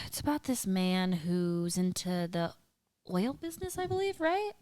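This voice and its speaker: A giggly, playful woman in loose podcast banter, her mid-pitched voice swinging up and down a lot. The sound is dry and close, with no room echo. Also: very animated, darkish tone. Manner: giggly, playful, breaks into quick impressions. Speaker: podcast co-host. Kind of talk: casual podcast chat.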